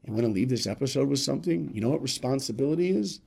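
A man as a podcast guest telling a motivational story, emphatic and repetitive, swinging between loud and hushed. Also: medium pitch, expressive, rapid-fire, vocal fry.

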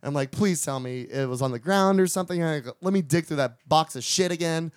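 A man's voice: fairly high pitch, a little fast, clean tone, no echo. A man hosting a podcast, casually telling a long profane story in a small studio, acting out what others said and laughing along. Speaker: podcast host.

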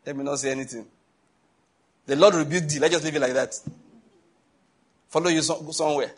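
Pastor preaching, husky kinda high voice, acts out the back and forth in his stories. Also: brisk, pauses often, a bit bright. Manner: storytelling preacher, acting out dialogue, laughing at his own stories. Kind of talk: sermon.

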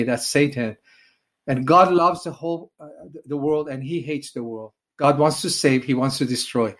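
Earnest man from Iran, higher voice. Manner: earnest, emotional storytelling with acted prayers. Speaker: evangelist guest. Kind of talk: testimony in an interview.

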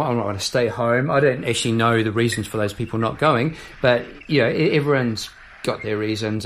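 A man's voice: medium pitch, slight background noise. Jovial chatty male host. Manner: chatty, jovial, laughs easily. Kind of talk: casual video chat. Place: Melbourne.

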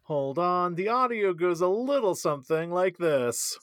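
A man's voice: high-pitched, animated, measured pace, a bit bright, no echo, studio quality. A man co-hosting a podcast in casual chat, joking and teasing. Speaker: podcast co-host.

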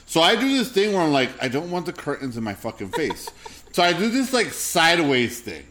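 Lively young man telling crude stories. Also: on the high side, a little fast, slight background noise. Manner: animated, profane, laughs often. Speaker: podcast co-host. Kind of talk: casual chat, crude storytelling.

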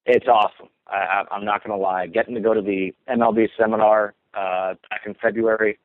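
A man's voice: on the low side, little pitch movement, a little fast, dry recording. A man who works as a sports broadcaster, casually telling stories about his career in an interview, with many ums and restarts. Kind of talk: relaxed interview answers. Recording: tinny phone line.

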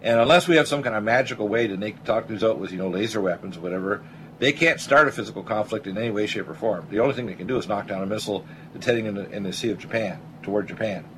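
A man hosting a political talk radio show, talking in a blunt, excitable way and often repeating words as he starts a thought. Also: on the low side, rapid-fire, background noise.

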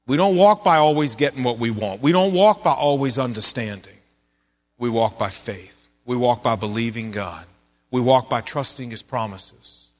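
This sermon comes from a male pastor speaking at a moderate pace in church, earnest and chatty in tone. Some passages fall to a soft, low register.

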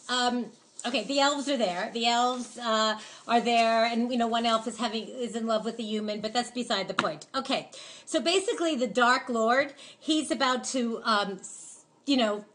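Chatty woman host reviewing a film, bright and slightly high voice, full of fillers and excitement. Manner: chatty and rambling, many fillers and restarts; gushing and enthusiastic. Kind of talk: casual film review to camera.

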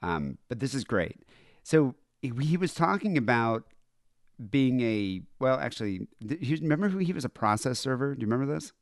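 A man's voice: mid-range voice, very animated, normal speed, dry recording, studio quality. A man hosting a casual podcast, rambling and laughing, with a nasal voice. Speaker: podcast host. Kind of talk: casual chat playing old clips.

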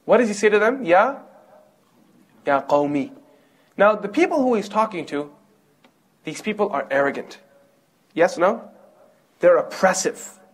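A young man from Kentucky giving an animated religious lecture, telling stories and asking the audience questions. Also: high-pitched, breathy edge. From Kentucky, USA. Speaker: Islamic lecturer.

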